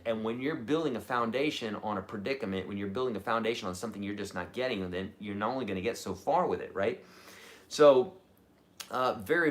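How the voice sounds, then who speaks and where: A middle-aged man teaching guitar on a live stream and answering viewers' questions. He talks in an animated, chatty way and keeps checking in with "okay?". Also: mid-range voice.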